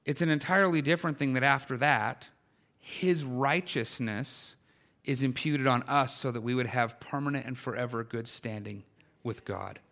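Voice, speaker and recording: A man's voice: medium pitch, normal speed, creaky, fairly bright tone. A middle-aged male pastor giving a conversational sermon that builds in intensity, with everyday stories and emphatic questions. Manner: conversational preaching with rising intensity.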